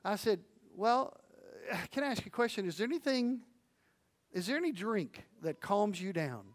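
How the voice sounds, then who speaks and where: A man preaching a sermon, earnest and animated, swinging between hushed and loud, with folksy storytelling and asides to the audience. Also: sits high, normal speed. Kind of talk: sermon on evangelism.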